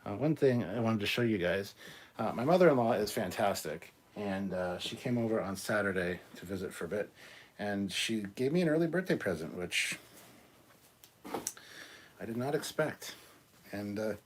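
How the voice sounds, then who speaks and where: A man's voice: lowish voice, animated, moderate pace, slight background noise. A man hosting his own channel, chatting casually in a rambling, jokey way with many fillers. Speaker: channel host. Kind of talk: casual livestream chat.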